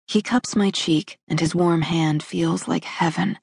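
A woman narrating a first-person romance in a measured, intimate reading. Her voice sits on the low side with a husky, breathy grain. The studio recording is dry and close, with no room around it. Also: fairly even intonation, no room sound. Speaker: audiobook narrator.

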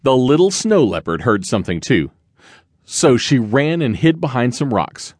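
A man reads a children's storybook aloud, gentle and expressive, his pitch rising and falling in a lively way. The recording is dry and close, with no room sound around it. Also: normal speed, dry recording. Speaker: audiobook narrator.

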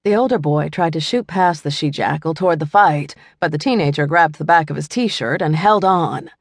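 A woman narrating an audiobook in a scripted, expressive reading, voicing each character in the dialogue. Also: deep voice, moderate pace, vocal fry, dry recording, studio quality.

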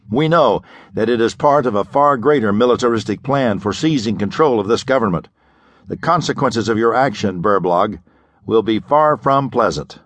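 A man's voice: lowish voice, no echo. A man voicing a grim intelligence agent who accuses and presses a prisoner, in an audiobook.

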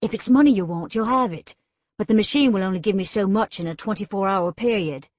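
A roguish Australian man from a storybook, with a gravelly voice and an easy, teasing drawl, played by a woman narrator. He sounds sure of himself. The recording is dry and a little dull. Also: medium pitch, brisk, no echo, close to an everyday voice. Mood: teasing calm.

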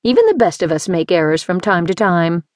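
A woman's voice: fairly low pitch, big pitch swings, brisk, darkish tone, no room sound, clean studio sound. A woman voicing a bossy, outspoken woman who scolds emphatically in an audiobook. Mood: scolding.

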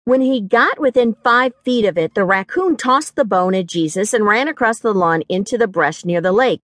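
A woman narrating a first-person mystery audiobook in a wry, expressive way, recorded on a studio mic. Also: medium pitch, normal speed, dry recording.

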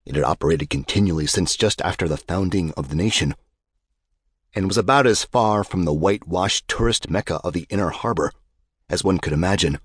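A man narrating a dark fantasy audiobook in the first person, with a wry, measured delivery. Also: sits low, breathy edge, dry recording, studio quality.

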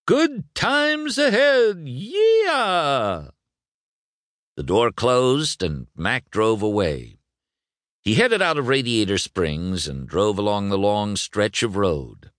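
A man narrating a children's storybook at an unhurried pace, his pitch rising and falling broadly. The voice sits a bit low and the recording is dry and close. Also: no room sound. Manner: expressive, voices every character. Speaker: audiobook narrator.

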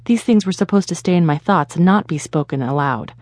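Low-voiced woman narrating an audiobook. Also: expressive, brisk, a little mellow, no room sound, studio quality. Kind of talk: first-person audiobook narration.

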